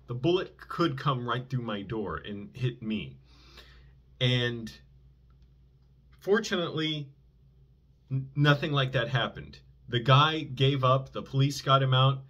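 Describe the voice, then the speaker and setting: A man's voice: medium pitch, expressive, takes it slowly, a bit bright, dull audio. A man vlogger telling a personal story in a rambling way, often correcting himself and using many fillers.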